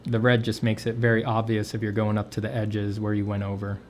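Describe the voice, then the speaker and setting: A man's voice: on the low side, monotone, fairly quick, slight background noise. A man chatting casually as he teaches inking and coloring on a livestream, rambling and correcting himself mid-sentence. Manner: rambling, self-correcting, jokey. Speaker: artist streaming a drawing session.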